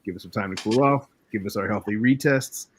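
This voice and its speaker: A man's voice: fairly low pitch, brisk, a little hiss or hum. A man co-hosting a live trading stream, casually explaining things with plenty of fillers. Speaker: co-host.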